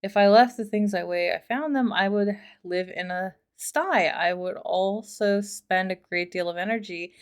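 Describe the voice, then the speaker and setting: A woman's voice: mid-range voice, measured pace, hardly any pauses, smooth. A woman reading online posts aloud and commenting on them in a chatty way. She talks casually, trails off into asides and swears freely.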